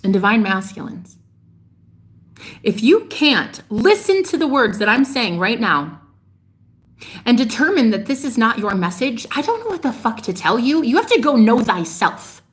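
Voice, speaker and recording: A woman delivering a fiery, preachy monologue straight to her viewers, swearing freely and scolding them, with sharp jumps in pitch on her outbursts. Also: big pitch swings, moderate pace. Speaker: spiritual vlogger. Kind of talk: ranting monologue to camera.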